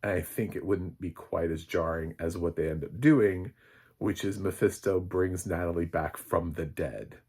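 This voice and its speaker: A man's voice: low voice, normal speed, darkish tone, slightly rough. A man, a film critic, giving a casual spoken recap of a TV episode in a rambling, chatty way with many fillers and chuckles.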